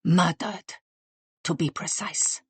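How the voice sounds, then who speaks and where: Una mujer haciendo de un gerente de restaurante ceremonioso. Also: female voice, lowish voice, breathy edge, no echo. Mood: grave. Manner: formal, decorous, measured speech. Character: willowy, courtly male restaurant manager, formal.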